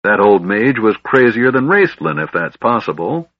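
A man voicing a grumpy, gruff old dwarf who snorts and scoffs; dull, dry lo-fi recording. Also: fairly low pitch, very animated, normal speed, dry recording.

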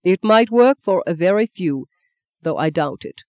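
A reader voicing Rain, a measured, wry German politician, in an audiobook. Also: expressive, no room sound, studio quality, lightly acted. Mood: calm. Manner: low, measured and soft-spoken. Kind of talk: audiobook character voice.

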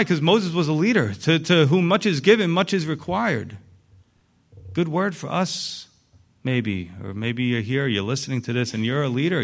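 A man preaching a sermon, animated, acting out the voices in the story with big swings in pitch. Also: creaky. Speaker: pastor.

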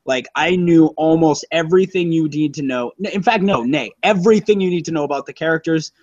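A man's voice: on the high side, brisk, a little mellow, no echo, muffled recording. A man co-hosting a casual movie-review chat, rambling and profane, with lots of fillers and self-corrections. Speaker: podcast co-host reviewing a movie.

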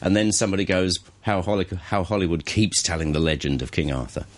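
A man's voice: low-pitched, fast. A man hosting a morning radio chat, playful and teasing, quizzing his guest. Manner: playful, teasing, breaks into mock quotes. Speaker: radio host.

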